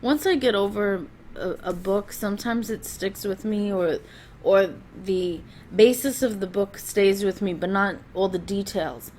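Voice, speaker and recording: A woman's voice: mid-range voice, a little slow, a little mellow, a little hiss or hum. A woman giving a rambling, chatty spoken book review, talking from home with frequent restarts.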